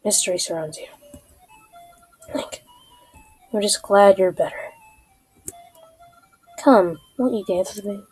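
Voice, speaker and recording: A woman voicing a kind young female dancer from a video game, reading her lines in a bright, sing-song way. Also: medium pitch, takes it slowly, pauses often, breathy edge, no room sound, soft background music. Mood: gentle.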